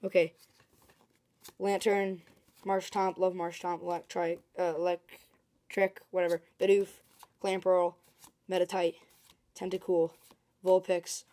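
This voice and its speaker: A woman vlogger chatting casually as she opens card packs, excitable and talkative, breaking into excited shrieks. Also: fairly low pitch, unhurried, long pauses. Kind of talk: casual commentary while opening card packs.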